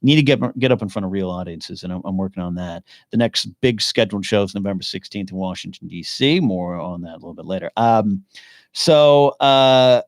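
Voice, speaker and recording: A man's voice: sits low, brisk, dry recording, clean studio sound. A man hosting his own live podcast, rambling and thinking aloud while he answers questions from the chat. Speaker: podcast host. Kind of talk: casual live-stream chat.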